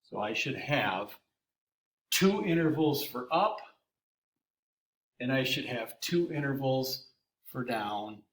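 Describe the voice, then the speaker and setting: A man teaching calculus at an unhurried pace, walking through graph work step by step. He keeps a relaxed, folksy classroom manner and talks through every button press. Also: medium pitch. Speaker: math teacher. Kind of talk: calculus lesson walkthrough.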